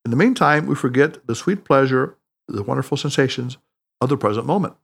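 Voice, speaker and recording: A man reading the lines of a wise, playful male mentor in an audiobook, teasing and gently insistent. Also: medium pitch, animated, brisk, vocal fry, slightly rough.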